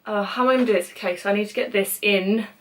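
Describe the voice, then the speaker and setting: A woman's voice: mid-range voice, racing. A young woman with a British accent, rambling and giggling through casual vlog outtakes, often mocking herself. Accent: British English. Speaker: vlogger.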